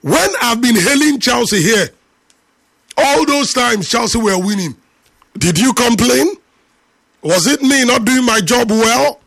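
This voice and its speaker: A male radio host lectures and teases a caller in a lively, preachy rant. His voice sits high with a husky, gravelly grain. The sound is dry and close. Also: measured pace, long pauses, no room sound. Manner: animated, teasing, preachy rant. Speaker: radio sports show moderator. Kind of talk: call-in sports talk radio.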